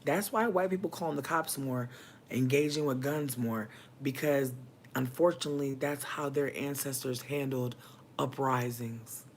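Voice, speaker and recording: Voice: medium pitch, moderate pace, slight background noise. Impassioned, profane livestream host. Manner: impassioned and preachy, profanity-laced; addresses viewers and chat directly. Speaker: livestream host giving readings. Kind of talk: casual livestream monologue.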